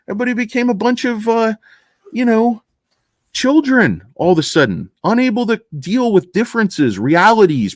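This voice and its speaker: Casting note: man in casual livestream host mode, profane ranter, very animated pitch, dry close mic. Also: no room sound. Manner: ranting, profane, swings from loud to mumbling. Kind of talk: casual livestream chat reading viewer comments.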